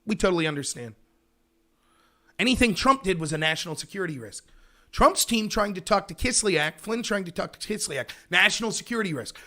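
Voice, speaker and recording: A man hosting a political livestream, talking in a sarcastic, animated way and mocking his opponents. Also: sits high, brisk. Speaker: host of a political talk show.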